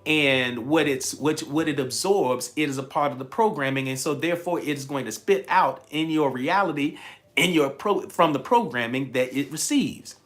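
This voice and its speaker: A man's voice: on the high side, normal speed. A man hosting a live-streamed coaching talk, repeating key phrases and greeting viewers by name with lots of energy. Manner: energetic, repetitive, chatty with viewers. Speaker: livestream host and coach.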